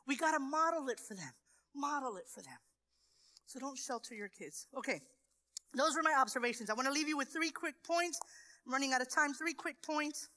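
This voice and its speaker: A middle-aged woman preaching a sermon in a church, moving from hushed near-whispers to impassioned shouting. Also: sits high, rough recording.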